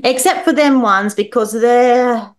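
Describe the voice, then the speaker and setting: Brief: a woman playing a sloshed, red-faced dad at a school dinner, loud and flat, raised pitch, drawn out. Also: a little slow, close to an everyday voice. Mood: drunken boastful. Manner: loud, flat, faltering, slurring. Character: drunk loud red-faced middle-aged man.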